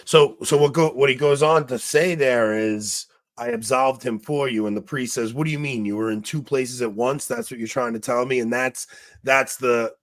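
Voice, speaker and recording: A congested man co-hosting a podcast, sounding feverish. He rambles in casual conversation with frequent restarts and throat-clearing. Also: mid-range voice, steady tone, normal speed, dry recording. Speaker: podcast co-host. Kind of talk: casual chat.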